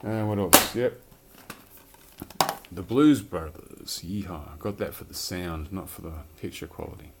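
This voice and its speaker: Low-voiced rambling man. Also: expressive, a little slow, heavy background noise. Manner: rambling, casual swearing. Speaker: collector showing his films. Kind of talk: casual chat.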